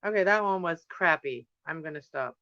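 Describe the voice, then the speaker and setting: A man's voice: fairly high pitch, lively intonation, moderate pace, bright, forceful tone, no room sound, lo-fi sound. A man chatting casually on a home livestream while painting, thinking aloud and drifting from topic to topic. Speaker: livestream host painting on camera. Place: indoors at home.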